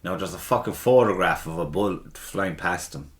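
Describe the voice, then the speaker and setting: A man hosting a casual podcast chat, animated and swearing freely. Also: low-pitched, moderate pace. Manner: animated, swears freely, talks over the guest. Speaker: podcast host.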